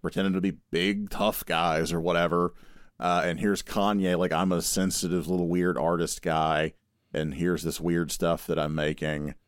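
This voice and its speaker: A young man co-hosting a podcast, chatting casually, animated and teasing, swearing now and then. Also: low-pitched, clear, resonant tone, no echo, studio quality. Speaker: podcast co-host. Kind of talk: casual chat.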